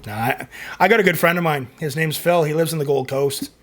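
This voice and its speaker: A man's voice: a little high, steady tone, fast talker, a bit bright. A middle-aged man hosting a music reaction channel, chatting loosely as he reads out viewer comments, rambling and full of fillers. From Canada. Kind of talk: casual chat reading viewer comments.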